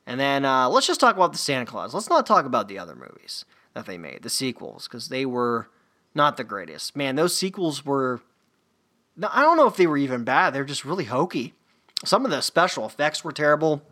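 A man's voice: medium pitch, sing-song, brisk, bright, forceful tone. A man hosting a solo sports podcast, rambling loosely with lots of fillers and restarts. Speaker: podcast host.

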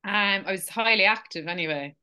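A young woman with an Irish accent telling her life story in a casual interview, animated and chatty, with plenty of fillers and laughs. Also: mid-range voice, a little fast, clear, resonant tone. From Ireland. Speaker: interview guest.

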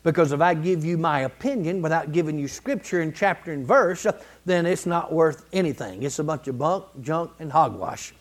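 Speaking at a moderate pace in a voice on the high side, a man pastor gives a homespun, colloquial sermon. He clears his throat occasionally and works his way toward emphatic, repeated lines.

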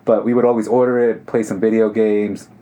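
A man's voice: lowish voice, flat delivery, fairly quick, dark tone, muffled recording. A young man co-hosting a podcast, chatting casually and trading teasing jokes with his friend. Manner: joking, teasing banter. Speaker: podcast co-host. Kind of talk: casual chat.

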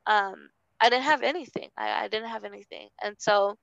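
Creaky young woman recounting her story. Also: mid-range voice, fairly bright tone, dry recording, muffled recording. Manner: halting, full of fillers and restarts, earnest. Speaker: interview guest. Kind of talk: personal testimony in conversation.

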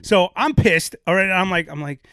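A man's voice: sits high, moderate pace, fairly bright tone, clear, resonant tone, dry recording, studio quality. A middle-aged man from Brooklyn, telling a rambling, profane story as a podcast host and laughing often. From Brooklyn, New York. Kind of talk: casual chat, storytelling.

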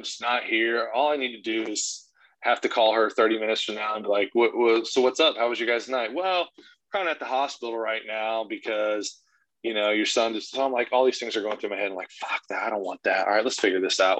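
Profane, animated dad telling a story. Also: male voice, fairly low pitch, fairly quick, no echo, low-quality recording. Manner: profane, animated retelling with voiced quotes. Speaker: podcast guest. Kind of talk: casual storytelling.

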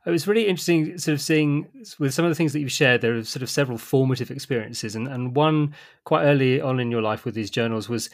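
A man, an interviewer asking long, softly hedged questions. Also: mid-range voice, quick pace, few pauses. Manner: hedging questions with frequent "sort of" and "I suppose". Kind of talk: conversational interview.

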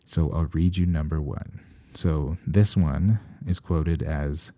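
A veterinarian talking casually and at length, wandering into wry, sarcastic asides. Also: male voice, extremely low pitch, fairly even intonation, takes it slowly, few pauses, mellow, no room sound. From Canada. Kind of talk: casual podcast talk.

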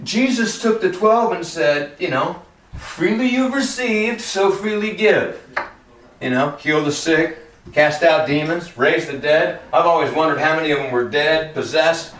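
A man preaching a sermon in a conversational, animated way, joking and acting out little quoted exchanges. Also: a little high, measured pace, reverberant, far from the mic.

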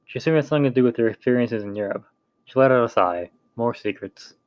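A man's voice: mid-range voice, fast talker, no echo, dull audio. A man narrating a novel aloud in a plain reading voice with small slips and restarts.

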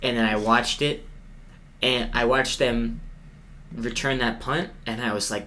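A young man co-hosting a podcast, telling sports stories in an animated, sarcastic, self-mocking way. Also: mid-range voice, a little slow, pauses often, slight background noise. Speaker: podcast co-host. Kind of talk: casual sports chat.

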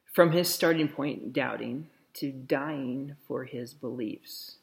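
A man preaching a sermon in a slow, reflective way, softly repeating a blessing. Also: medium pitch, vocal fry. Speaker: pastor.

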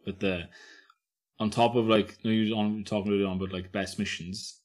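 A man's voice: on the low side, flat delivery, brisk. A man chatting as a guest on a podcast, rambling through stories with restarts and frequent laughter. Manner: rambling storyteller, mumbles and restarts, laughs a lot. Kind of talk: casual chat.

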